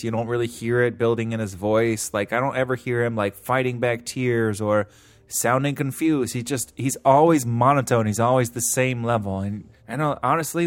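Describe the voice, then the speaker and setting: A man giving a blunt, dismissive take on a film on a podcast. His voice sits at a middle pitch and sounds dry and close, with no room around it. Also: dry recording. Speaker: podcast co-host. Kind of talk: casual movie discussion.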